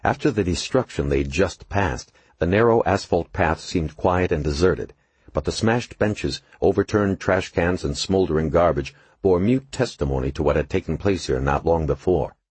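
Deep-voiced, husky male narrator. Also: moderate pace, darkish tone, no room sound. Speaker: audiobook narrator. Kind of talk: scripted narration.

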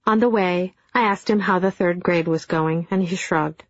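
A middle-aged woman narrating an audiobook in a dry, deadpan storytelling manner. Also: fairly low pitch, normal speed, no room sound. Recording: dull, dry studio sound.

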